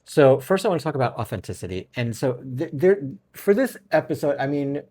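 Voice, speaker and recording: A man's voice: a little high, big pitch swings, a little fast, dark tone. A middle-aged man with a Brooklyn accent hosting a casual solo podcast, rambling and often restarting his sentences. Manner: rambling, self-correcting, chuckles often. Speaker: podcast host.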